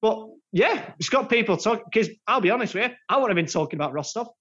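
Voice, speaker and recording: A man's voice: sits high, expressive, quick pace, fairly bright tone. A man co-hosting a football podcast, bantering with a sarcastic edge. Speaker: podcast co-host. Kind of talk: casual football podcast chat. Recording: dull lo-fi sound.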